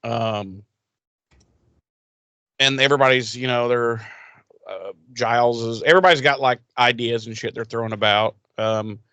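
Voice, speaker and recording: A man's voice: medium pitch, normal speed, pauses often, pushed and bright, smooth, no room sound. A man co-hosting a podcast, recapping an episode in a rambling, profane way and acting out characters' lines in silly voices. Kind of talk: casual crude recap chat.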